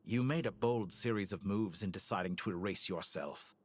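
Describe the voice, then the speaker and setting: An actor playing a cruel, calculating male villain in a video game, talking in a cold, condescending, smoothly menacing way. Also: fairly low pitch, normal speed, lightly acted.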